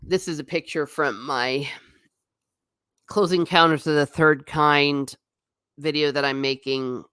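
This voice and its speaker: A woman with a fairly low voice hosts a casual live stream and reads viewers' comments aloud. She talks in a loose, chatty way, laughs easily and trips over repeated words. The sound is dry and close. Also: steady tone, unhurried, fairly bright tone, clean tone, dry recording. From not Irish. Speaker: livestream host.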